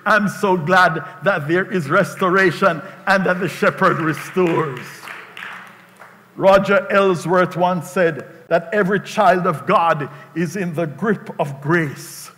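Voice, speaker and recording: A man preaching a sermon as pastor, emphatic and rising to shouted call-and-response, in a church sanctuary. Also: high voice, slow pace. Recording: long reverb of a large hall.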